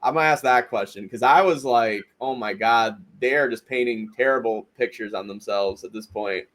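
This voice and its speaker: A man's voice: mid-range voice, normal speed. A man hosting a podcast, recapping a reality show episode in casual chat, acting out the cast's lines and swearing freely. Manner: animated storyteller, acts out quotes, swears freely. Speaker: podcast host.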